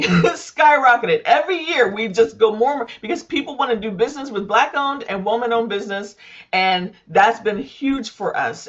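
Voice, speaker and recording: A woman's voice: mid-range voice, fairly bright tone, lo-fi sound. A woman who runs a roofing business, telling a personal story candidly in a panel discussion, with frequent fillers.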